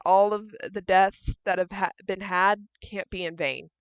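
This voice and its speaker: A tender young man speaks quietly and with resignation, as a woman voices him in a tabletop game. The voice is soft yet very clear, with no room echo. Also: medium pitch, fairly even intonation, unhurried, lightly acted. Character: gentle self-sacrificing young man. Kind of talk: acting out a tabletop game character.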